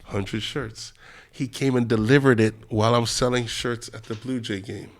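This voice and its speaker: A man from Canada, a podcast guest, telling a story in a casual, animated way and acting out the dialogue. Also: mid-range voice, normal speed. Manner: animated, acts out dialogue in voices.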